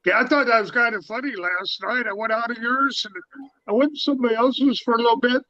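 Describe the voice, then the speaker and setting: Chatty man in casual stream talk, high and bright, dry close sound, dull lo-fi audio. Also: steady tone, fast, dry recording. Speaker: livestream chat participant. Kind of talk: casual chat.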